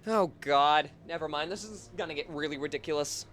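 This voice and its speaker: A young man giving excitable live gameplay commentary, swearing a lot and making jokey asides. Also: on the high side, a little fast. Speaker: streamer playing a horror game.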